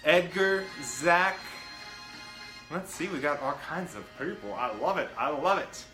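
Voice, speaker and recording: A man's voice: a little high, lively intonation, a little slow, reverberant, over music, poor audio. A man hosting his own live-stream show, chatting casually and greeting viewers by name in an upbeat way. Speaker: livestream show host.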